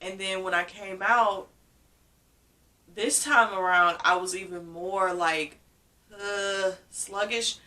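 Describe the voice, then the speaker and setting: A young woman vlogger telling a personal story in a casual, animated way, laughing often and saying "literally" again and again. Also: medium pitch, slow. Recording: voice a bit far from the mic.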